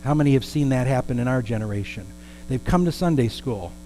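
A man's voice: medium pitch, lively intonation, brisk, warm tone, a little hiss or hum, low-quality recording. A man preaching a storytelling sermon in a conversational way, with asides and questions to the congregation.

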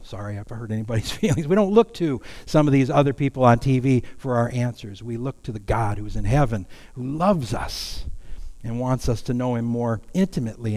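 A man preaching a sermon with a mellow, warm tone and a folksy, self-deprecating humor. His mid-pitched voice carries a long hall reverb. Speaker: pastor.

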